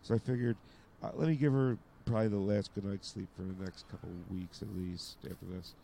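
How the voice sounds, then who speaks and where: A man co-hosting a podcast, telling a story in a rambling, halting way. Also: fairly low pitch, fairly even intonation, vocal fry, warm tone, a little hiss or hum. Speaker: podcast co-host. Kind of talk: casual chat.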